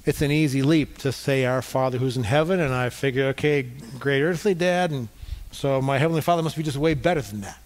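A man's voice: medium pitch, brisk. A middle-aged male pastor preaching a conversational sermon, getting the congregation to respond.

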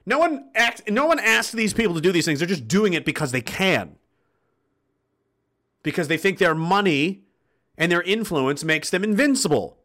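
This man's voice is high-pitched and sing-song, fairly bright, and paced moderately. As a livestream host reading chat, he delivers a fiery political rant to viewers, blunt and laced with profanity.

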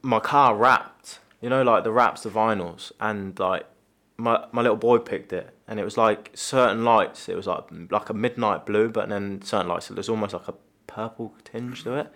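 A low-pitched man in a relaxed podcast chat, rambling through football stories. He swears freely and drops his voice when quoting others. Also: normal speed. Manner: anecdotal, swears freely, quotes others in lowered voice. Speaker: former professional footballer.

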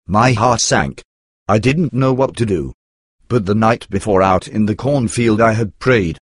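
A man narrating a first-person memoir in a measured, earnest storytelling manner. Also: fairly low pitch, no room sound, studio quality.

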